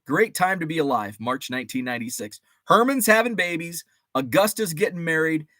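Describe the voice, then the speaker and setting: A man around forty hosts a relaxed live chat show in a slightly raised, very animated voice that swings up and down as he rambles and reminisces. He greets viewers by name and swears mildly. The sound is close and dry, with no room around it. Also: a little high, brisk, no echo. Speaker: host. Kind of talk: casual livestream chat.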